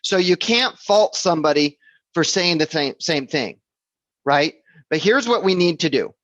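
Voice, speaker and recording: A man's voice: a little high, animated, a little slow, fairly bright tone, no echo. Man teaching sales, dull dry sound. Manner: conversational, repeats himself, checks in with "okay?" and "right?". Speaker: real estate sales trainer. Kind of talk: casual instructional talk.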